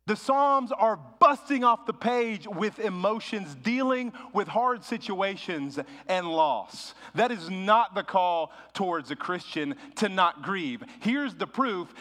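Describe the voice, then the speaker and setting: A man, a pastor, preaching a sermon in a conversational way that rises into animated bursts of emphasis. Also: sits high, long reverb tail.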